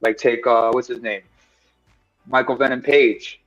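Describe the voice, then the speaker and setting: A man's voice: mid-range voice, little pitch movement, unhurried, muffled recording, soft background music. A man hosting a casual live-stream talk about combat sports, rambling and searching for words with many fillers.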